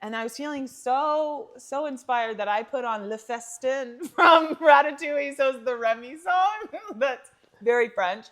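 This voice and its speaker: A woman co-hosting a podcast, telling travel stories in casual chat, animated and laughing often. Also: sits high, a little slow. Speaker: podcast co-host.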